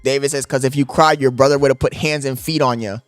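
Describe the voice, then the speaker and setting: A young man streaming live from his apartment, talking loudly and profanely to his chat into a desk microphone, laughing often. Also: mid-range voice, steady tone, fast talker, soft background music. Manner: loud, yelling into the mic, profane, laughing.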